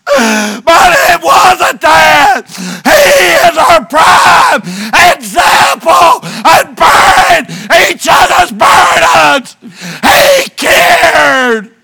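A middle-aged man, a pastor preaching a fervent sermon with drawn-out words. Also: very high-pitched, sing-song, creaky, raised voice, a loud crowd, very noisy. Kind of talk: shouted sermon.

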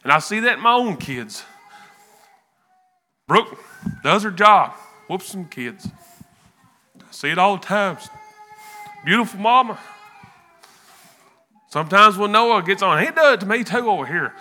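A man giving an emotional church testimony, earnest and halting, often repeating words. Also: high-pitched, lively intonation, sharp tone.

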